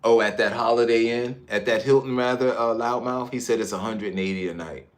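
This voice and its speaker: A man from Newark, New Jersey, livestreaming casually from a high-rise hotel room on his phone and chatting with viewers about their comments. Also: fairly quick. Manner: laid-back, chatty, drifts between comments. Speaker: livestream vlogger.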